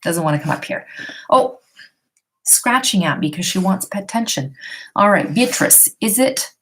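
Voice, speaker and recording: A woman's voice: mid-range voice, animated, moderate pace, a bit bright. Chatty woman giving live tarot readings. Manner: chatty, reassuring, reads questions aloud then answers. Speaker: tarot reader answering viewers live. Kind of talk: live-stream tarot reading, casual chat. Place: her home. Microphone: computer or phone on a live stream.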